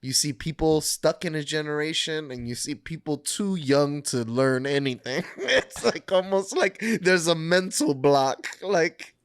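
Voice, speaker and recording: Man, podcast co-host, casual chat, higher voice, dry sound, laughs a lot. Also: a little slow, few pauses, clean tone, no echo. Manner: animated storytelling, laughs often, swears freely.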